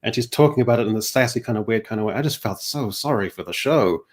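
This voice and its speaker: A man on a review livestream, recapping a show in an animated, exasperated way. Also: fairly low pitch, quick pace. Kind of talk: casual chat.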